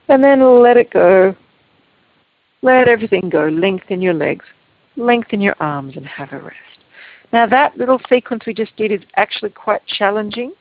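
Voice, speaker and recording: A woman leads a Feldenkrais lesson over a video call, giving slow, gentle instructions in a calm voice. Her voice has a gravelly texture. The audio is tinny and phone-like, with no room sound. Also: mid-range voice, no echo. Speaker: Feldenkrais teacher.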